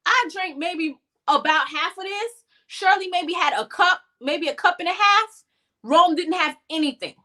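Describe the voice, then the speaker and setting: A woman on a podcast tells a story in a loose, profane and animated way. Her voice sits high and sounds bright. The delivery is casual, like chatting with friends. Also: a little slow. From North Miami. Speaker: podcast co-host. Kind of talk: casual chat.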